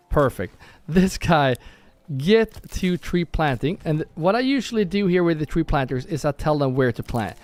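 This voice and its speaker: A man casually commenting on his own gameplay on a live stream, thinking aloud and often correcting himself. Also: fairly high pitch. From Norway. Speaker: gaming streamer. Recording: faint background music.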